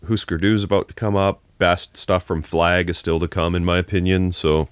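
Deep-voiced man in casual podcast chat. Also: moderate pace, clear, resonant tone, no room sound. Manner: relaxed, argumentative, uses fillers. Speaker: podcast co-host.

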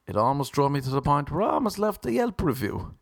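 A man's voice: on the high side, sing-song, quick pace, gravelly, no room sound, studio quality. A man casually telling his viewers a profane, ranting story. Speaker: vlogger.

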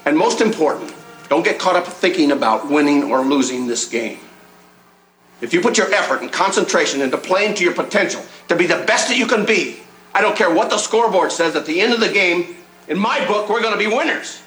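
An actor playing a middle-aged basketball coach giving his team a measured pep talk, in an echoey film clip. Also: high voice. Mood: calm earnest. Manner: calm, measured pep talk rising to a rallying call. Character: steady middle-aged male small-town basketball coach.

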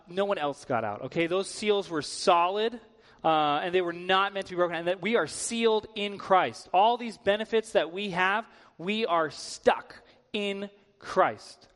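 A man's voice: high-pitched, moderate pace, fairly bright tone. A man giving a sermon as a guest preacher in a church, talking in a conversational way with casual filler words. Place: church sanctuary. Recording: long hall reverb.

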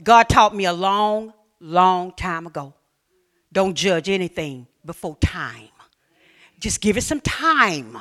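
Bright-voiced Southern woman preaching. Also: lowish voice, expressive, slow pace. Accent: Southern US, Alabama. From Mobile, Alabama. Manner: folksy, humorous storytelling with sudden shifts between loud and hushed. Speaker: pastor. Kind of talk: sermon.

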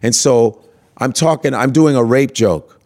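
A male stand-up comedian telling stories in casual chat, animated and profane, acting out the voices of the people in his stories. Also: mid-range voice, measured pace. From United States.

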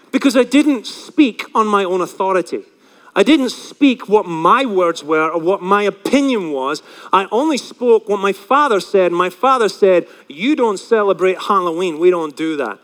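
Male pastor, high-pitched, animated preacher who acts out quoted voices, miked in a reverberant hall. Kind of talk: sermon.

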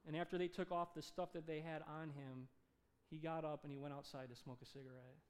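A male pastor preaching a sermon, telling a story with animated delivery and acted-out dialogue. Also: a little high, a little fast, a little hiss or hum. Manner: animated, acts out dialogue in his stories.

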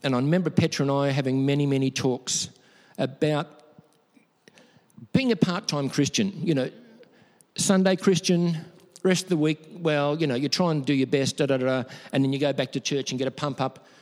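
A man's voice: a little high, fairly even intonation, normal speed, a little mellow. A middle-aged man with an Australian accent, preaching a conversational sermon full of personal stories and repeating words for emphasis. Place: church hall. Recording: long reverb from a church hall.

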